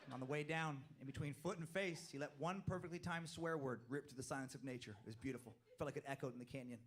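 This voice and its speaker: A man performing stand-up comedy, telling family stories in an animated way with laughing asides and quick act-outs. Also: mid-range voice.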